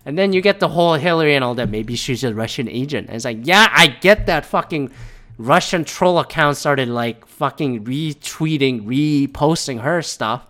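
Man, slightly higher voice, off-the-cuff profane commentary, rambling delivery with frequent restarts. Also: expressive, normal speed, bright, forceful tone. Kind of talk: casual political rant.

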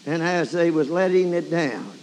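A man's voice: a little high, normal speed, darkish tone, slight background noise. A man preaching a sermon, telling a story and breaking into emotional praise. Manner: emotional, exclaiming praise often. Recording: long hall reverb.

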